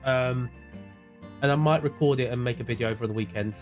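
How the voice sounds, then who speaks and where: Casting: South London man, relaxed streamer chat, greets viewers by name, mid-pitch voice, mumbled asides. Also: fairly quick, soft background music. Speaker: sim racing streamer. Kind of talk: casual livestream chat while gaming.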